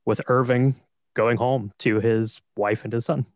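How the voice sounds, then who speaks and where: A man's voice: medium pitch, fairly even intonation, measured pace, a little mellow, no echo. A man co-hosting a podcast, steadily explaining a film's plot and often checking in with his partner. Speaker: podcast co-host. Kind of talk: casual chat recapping a film.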